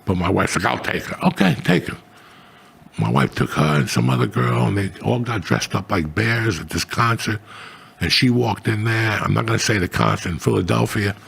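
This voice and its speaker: A man's voice: low voice, fairly quick, slight background noise. A middle-aged man hosting a podcast, telling crude, rambling stories full of swearing. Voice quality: gravelly. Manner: profane, rambling, animated. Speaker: podcast host. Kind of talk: crude casual storytelling.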